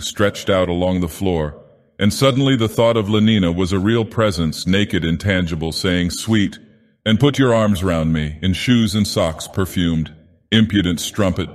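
A man reads a novel aloud in the persona of a game villain. His voice sits low, and he takes the lines slowly and deliberately, with a dramatic weight. The delivery is measured from start to finish. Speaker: narrator.

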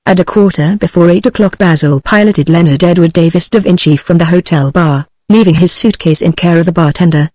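A text-to-speech voice of a woman with a British English accent, reading a novel aloud in an even, steady way. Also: on the low side, fairly quick, few pauses, no room sound, poor audio. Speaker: audiobook narrator.

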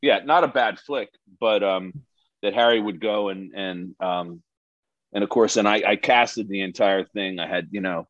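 Actor guest, deep and unhurried, rambling, dry lo-fi call sound. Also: male voice, fairly bright tone, no room sound. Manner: rambling, searching for words. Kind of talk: casual chat. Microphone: video call. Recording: dull lo-fi call audio.

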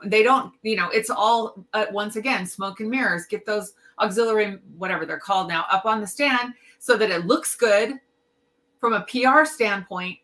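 A middle-aged woman talks on a casual podcast in a bright, tense voice. She states her opinions emphatically, with an indignant edge. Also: mid-range voice, normal speed. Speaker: podcast co-host. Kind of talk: casual discussion.

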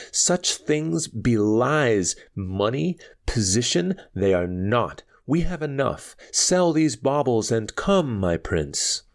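A man reading a storybook aloud, voicing a bold, defiant young dancer woman who speaks scornfully and insistently. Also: mid-range voice.

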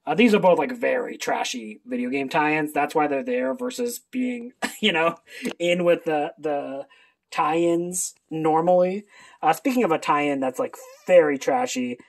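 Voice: mid-range voice, expressive, unhurried. A booktuber running through a book list in a casual, sarcastic, irreverent ramble with mild swearing. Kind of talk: casual book haul video.

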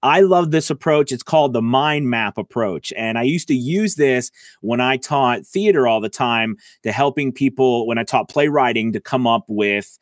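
A man giving a casual voice-over lesson, talking into a close mic and filling pauses with "all right" and "okay". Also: mid-range voice, no room sound. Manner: chatty, lots of "all right" and "okay" fillers. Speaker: voice-over coach. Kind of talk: casual tutorial talk. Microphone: close mic, about six inches away.

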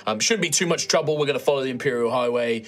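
A man's voice: medium pitch, rapid-fire, fairly bright tone, faint music behind, lightly acted. A man voicing a nervous, chatty middle-aged soldier sergeant who stammers and rambles. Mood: reassuring.

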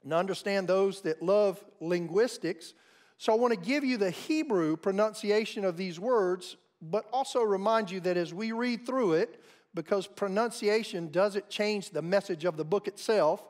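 An American man preaching a sermon as pastor, measured and deliberate, walking through pronunciations. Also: high voice, a little mellow.

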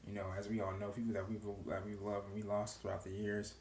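A man's voice: lowish voice, monotone, fast talker, a little mellow. A young man casually recapping a TV episode, loose and profane, with lots of "you know" fillers. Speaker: TV show reaction vlogger. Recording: echoey room with faint noise.

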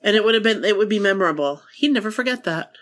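A woman podcast co-host chats casually with a friend, full of "like" fillers and laughter. Her voice is sniffly from a cold. She talks in a lively, up-and-down way, with a middle pitch. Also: fast. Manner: teasing, animated, acts out her friend's reactions; frequent "like" fillers, laughs often. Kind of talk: casual chat.

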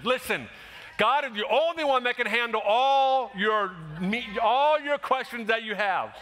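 A man preaching a sermon in a church, animated and conversational, acting out quick quotes as he goes. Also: extremely high pitch. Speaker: pastor. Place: church sanctuary.

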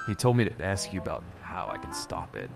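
An AI clone of a woman's voice speaking as a female adventurer hero in a game, with a flat synthetic delivery. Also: rumbling low, fairly quick, vocal fry, soft background music, heavily acted. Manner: flat synthetic delivery, strong American-sounding accent.

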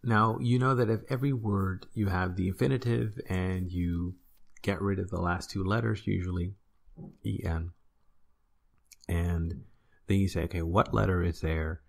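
Male teacher, low gravelly voice, relaxed explainer, casual video lesson. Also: normal speed. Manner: relaxed, explanatory, frequent "uh" and "right?". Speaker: language teacher.

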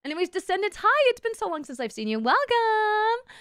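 A young woman with a high voice tells her chat a story, close to the mic in a dry, dead room. She swears freely, laughs often and plays up her own drama with a self-mocking edge. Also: sing-song, brisk, a bit bright, no room sound. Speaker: VTuber streamer. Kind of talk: casual storytelling to a live chat.

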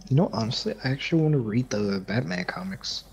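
A man's voice: medium pitch, big pitch swings, fast talker, vocal fry, muffled recording, slight background noise. A man streaming a game, chatting casually and chuckling with a teammate. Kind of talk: casual gaming chat.

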